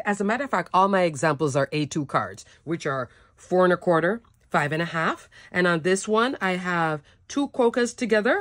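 A woman's voice: medium pitch, dry recording. A woman showing her handmade cards in a chatty, enthusiastic craft tutorial, often checking in with "okay?". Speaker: cardmaking demonstrator.

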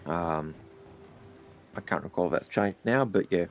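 Deep-voiced man chatting. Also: unhurried. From Australia. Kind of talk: casual gaming chat.

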